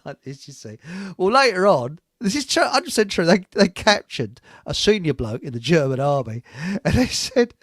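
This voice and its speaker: Older male host, slightly high voice, dry close sound, rambling joker. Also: very animated, normal speed, fairly bright tone, dry recording. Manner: rambling joke-telling, chuckles at his own stories. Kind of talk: casual chat on a live internet talk show.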